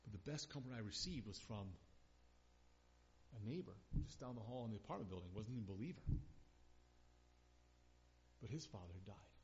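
A man's voice: on the low side, lively intonation, brisk, pauses often, a little hiss or hum. A middle-aged man preaching a sermon as a pastor, earnest and building to emphatic repeated phrases. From northern Minnesota. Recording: dull lo-fi sound.

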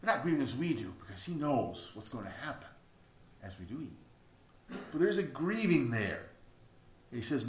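A man preaching a sermon as a pastor, in an earnest manner that swings between loud, emphatic bursts and quiet, reflective stretches. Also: on the low side, expressive, brisk, a little hiss or hum. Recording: roomy, dull lo-fi recording.

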